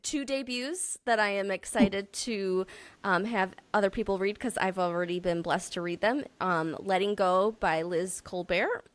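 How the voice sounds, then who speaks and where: A woman co-hosting a casual book chat, her voice sitting in an ordinary mid register. The sound is dry and close. She is upbeat and easygoing and often pauses with "um". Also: mid-range voice, no room sound. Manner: upbeat, easygoing, with frequent "um" fillers. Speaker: podcast co-host. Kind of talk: casual chat about books.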